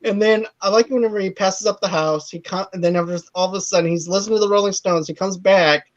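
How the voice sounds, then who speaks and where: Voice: medium pitch, fast. This is a podcast co-host talking casually about a film, retelling scenes and laughing along the way. The recording sounds slightly dull and lo-fi. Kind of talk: casual movie review chat.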